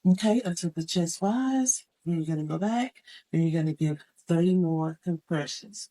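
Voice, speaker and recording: Counting aloud as she demonstrates, a woman walks through CPR step by step in a hands-on first aid lesson. Her voice is mellow and on the low side, her pace moderate, and the recording is poor.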